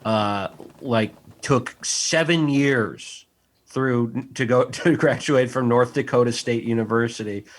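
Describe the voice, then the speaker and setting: A man's voice: medium pitch, takes it slowly. A man co-hosting a podcast, chatting casually in a wry, rambling way. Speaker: podcast co-host. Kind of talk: casual chat.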